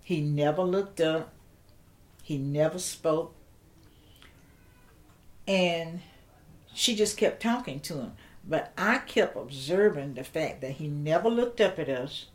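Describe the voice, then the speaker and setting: Low-voiced older woman. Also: lively intonation. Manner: slow, reflective, with halting restarts. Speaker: interviewee. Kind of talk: personal storytelling.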